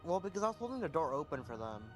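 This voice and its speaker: A man's voice: a little high, sing-song, racing, soft background music. Laid-back man playing a tabletop game. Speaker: player. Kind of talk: casual chat in a tabletop game.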